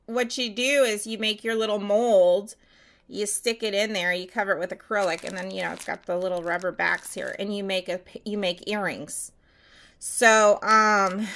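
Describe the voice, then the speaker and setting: Chatty, bright-voiced woman selling her nail supplies. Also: mid-range voice, rough recording. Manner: chatty, rambling, candid, lots of fillers. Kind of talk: casual show-and-tell vlog.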